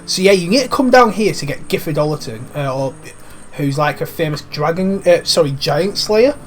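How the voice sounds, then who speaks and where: A man's voice: fairly high pitch, expressive, moderate pace, soft background music. A man with a cold, giving cheeky, rambling let's-play commentary over a video game. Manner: cheeky, rambling, swears lightly. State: has a cold. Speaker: gaming commentator.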